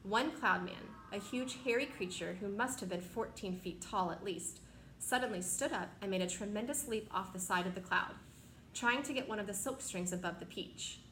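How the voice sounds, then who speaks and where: A woman narrates a children's novel in a steady, expressive reading voice of middle pitch. The sound is roomy and echoey, with a faint noise floor underneath. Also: moderate pace. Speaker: reader.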